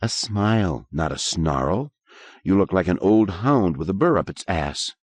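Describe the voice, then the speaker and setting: A man's voice: sits low, animated, unhurried, no room sound. A man voicing a firm teenage girl. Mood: teasing. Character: teen girl, patient but firm.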